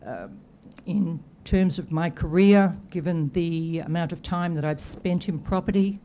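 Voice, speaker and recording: A woman in her fifties, a board director, speaking in formal meeting remarks that are measured and full of hesitations. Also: on the low side, dark tone.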